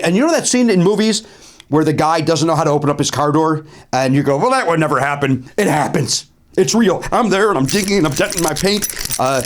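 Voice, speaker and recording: A middle-aged male comedian and host telling a story in a lively monologue, full of ums and uhs, pushing his voice up to stress the punchlines. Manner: animated, swings pitch up for emphasis, filler-heavy.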